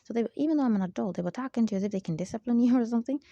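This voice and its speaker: A woman's voice: fairly high pitch, racing, warm tone, no room sound, highs cut off. A woman hosting her own channel, talking in an emphatic, rambling spiritual monologue full of asides. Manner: emphatic, digressive, frequent "there you go". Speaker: channel host.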